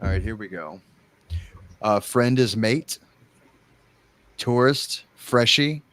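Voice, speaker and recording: An American man in casual podcast chat, teasing and deadpan as he rattles off jokes. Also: lowish voice, slow, no room sound. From United States.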